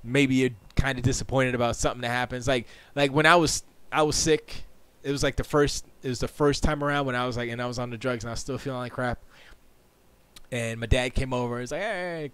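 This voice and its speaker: A man's voice: mid-range voice, fairly bright tone, clear, resonant tone, no room sound. Man, live-stream host, rambling casual chat, often laughing, dry close sound. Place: home studio.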